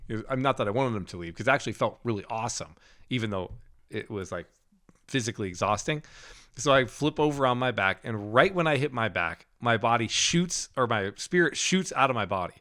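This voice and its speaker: A man co-hosting a Christian podcast, telling a personal spiritual experience in a casual, animated way, laughing often and restarting his sentences. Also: medium pitch, fairly quick. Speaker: podcast co-host. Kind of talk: casual faith testimony.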